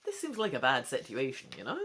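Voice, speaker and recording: A woman's voice: rumbling low, wildly swooping pitch, brisk, a bit bright, husky. A woman reading a choose-your-own-adventure book aloud, adding wry asides. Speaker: reader of a gamebook.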